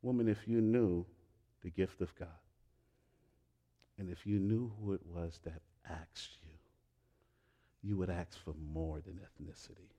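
A middle-aged male pastor preaching a sermon, swinging between loud emphatic lines and hushed quiet ones. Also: low-pitched, fairly even intonation, slow pace, long pauses.

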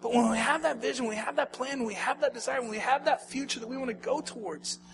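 A middle-aged male pastor preaching a sermon, swinging from shouts to hushed, soft-spoken lines. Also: very high-pitched, fast, noisy background. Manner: animated preaching, swings from shouting to near-whisper.

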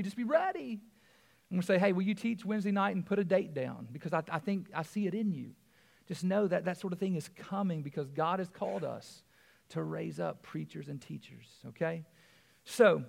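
Male pastor, 40s, conversational sermon, raised pitch, gravelly texture. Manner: conversational preaching with frequent asides and repeated words.

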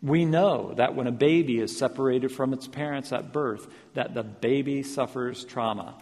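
A man preaching a sermon, repeating phrases with rising emphasis and then dropping to a quiet, slow delivery. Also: mid-range voice. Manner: builds to loud emphatic repetitions, then drops soft and slow. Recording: long reverb of a large hall.

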